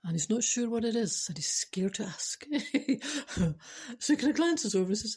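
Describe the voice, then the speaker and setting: A Scottish woman talking in a husky, breathy voice and spinning funny stories in a loose, chatty way. She laughs along at her own jokes and keeps turning to the viewer with little asides. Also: mid-range voice, expressive, a little fast, a little mellow. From Scotland. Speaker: vlogger telling funny stories. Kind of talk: casual storytelling.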